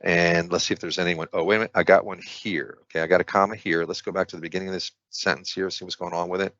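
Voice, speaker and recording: Deep-voiced man tutoring, thinking aloud. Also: flat delivery, fast, a bit bright, no echo, muffled recording. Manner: thinking aloud, many restarts and fillers. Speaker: SAT prep tutor. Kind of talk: screen-share test walkthrough.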